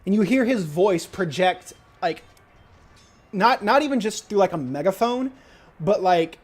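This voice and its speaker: A man's voice: sits high, expressive, unhurried. A young man narrating as game master, casual and hesitant, with many fillers.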